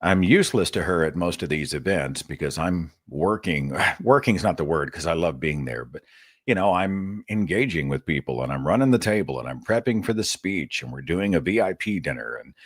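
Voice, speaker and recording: Oklahoma male call-in host, deep and lively voice, dry close sound, chatty and wry. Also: moderate pace, no room sound. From Oklahoma, USA. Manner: chatty, wry, rambling asides. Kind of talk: live call-in show monologue.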